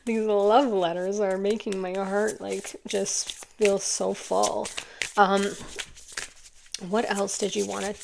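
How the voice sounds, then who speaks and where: A woman giving a casual, earnest tarot reading, rambling warmly with many fillers and growing teary as she talks. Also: mid-range voice, flat delivery, takes it slowly, creaky, background noise. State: tearful at times. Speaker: tarot reader.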